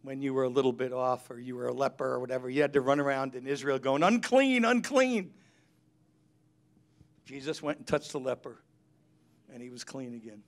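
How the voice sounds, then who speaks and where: A man's voice: mid-range voice, level tone, fast talker. A middle-aged pastor, preaching a chatty sermon and acting out the people he quotes. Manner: chatty storytelling, acts out quotes.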